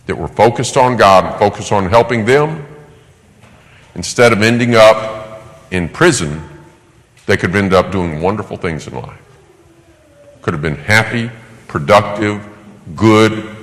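Low-voiced man preaching in an echoing hall. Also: a bit bright. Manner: emphatic, repeats words for effect. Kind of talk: sermon.

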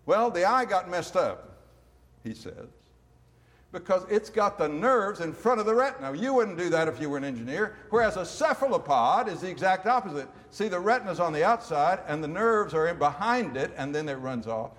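A man's voice: high-pitched, expressive, moderate pace, a bit bright, in a large hall. A man giving a classroom lecture, emphatic and full of rhetorical questions.

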